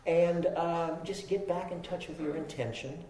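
A man's voice: a little high, steady tone, moderate pace, dark tone, slight background noise. Man telling a story in an echoey hall. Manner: storytelling, self-deprecating, laughing at himself. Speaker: meditation teacher. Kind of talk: dharma talk with personal story.

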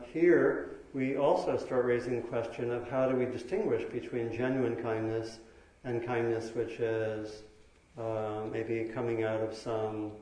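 A man teaching meditation in a dharma talk, speaking slowly and thoughtfully with pauses and fillers. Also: mid-range voice, mellow. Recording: very echoey hall.

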